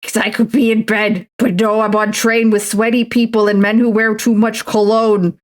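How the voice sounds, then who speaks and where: A woman's voice: on the high side, flat delivery, normal speed. Rambling, swearing streamer woman. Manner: rambling, swears freely, full of likes. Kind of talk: casual chat while crafting.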